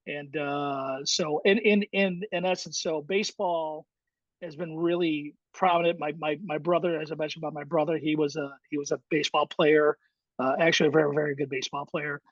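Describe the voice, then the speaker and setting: A man's voice: fairly high pitch, steady tone, brisk, no room sound, highs cut off. A middle-aged man, a guest in an interview, telling his story in a reflective way with many fillers and restarts. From Chicago, USA. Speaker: guest, high school baseball coach.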